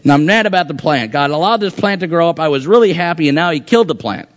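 A man's voice: a little high, animated, fast. A pastor preaching a conversational sermon, acting out the voices from the text as he goes. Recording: dull lo-fi sound.

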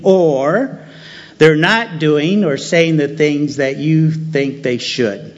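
Man, sermon, very slow delivery, repeats key phrases, muffled lo-fi sound. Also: on the high side. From United States. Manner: deliberate, emphatic repetition of key phrases. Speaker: preacher.

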